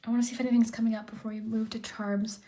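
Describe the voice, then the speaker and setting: A woman giving a monthly tarot reading in a gentle, reassuring way, often repeating her encouragement. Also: fairly high pitch, level tone, rapid-fire. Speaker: tarot reader.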